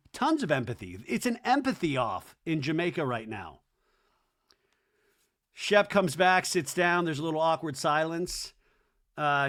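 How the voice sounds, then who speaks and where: A man hosting a podcast, recapping a reality TV episode with sarcastic, animated commentary and putting on voices for quotes. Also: a little high. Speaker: podcast host. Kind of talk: comedic TV recap.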